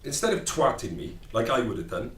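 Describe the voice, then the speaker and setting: A man's voice: medium pitch, very animated, brisk, background noise, close to an everyday voice. An actor with a Welsh accent performing a stage monologue as a brash, foul-mouthed young Welshman with wry, swearing asides, recorded from a distance in a room. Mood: sardonic. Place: rehearsal room. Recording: roomy, distant mic.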